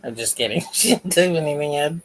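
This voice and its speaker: A man's voice: on the high side, animated, fast, low-quality recording. A man hosting a crochet livestream, chatting casually and jokily while reading the live chat aloud as he works.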